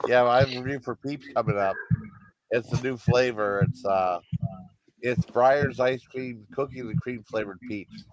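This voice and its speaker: Slow-talking easygoing male livestream host. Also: medium pitch, poor audio. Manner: agreeable, short replies, laughs along. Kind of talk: casual chat.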